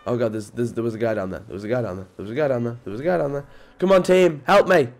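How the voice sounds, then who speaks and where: A man with a stuffy nose from a cold, giving excitable live commentary over his gameplay, muttering one moment and yelping the next. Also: medium pitch, rapid-fire. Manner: excitable, jumps between mutters and yelps. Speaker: gaming video creator.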